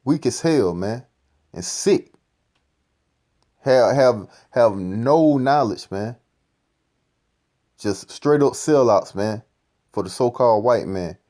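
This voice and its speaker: A man's voice: medium pitch, expressive, slow pace, pauses often, dark tone. A man giving profane, ranting scripture commentary, repeating "man" at the end of phrases. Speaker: street-style preacher commenting on a clip.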